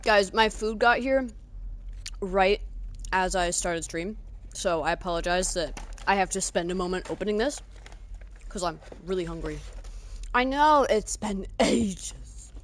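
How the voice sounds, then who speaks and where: A woman streaming live, chatting casually and excitedly greeting her viewers. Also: lowish voice, a little slow, long pauses. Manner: excitable, greets chat warmly.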